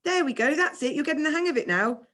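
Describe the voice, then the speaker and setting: Kindly climbing coach, male, reassuring and steady, lively intonation; a woman reads him. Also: high voice, fast, pitched above the performer's own voice. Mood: encouraging. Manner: coaxing, reassuring. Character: patient, encouraging male climbing instructor. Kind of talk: reading a children's novel aloud.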